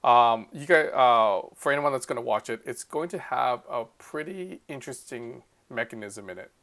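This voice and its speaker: A man's voice: mid-range voice, lively intonation, normal speed, a bit bright. A man talking as a podcast guest, earnest and explanatory in a casual chat. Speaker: podcast guest, tabletop channel co-host.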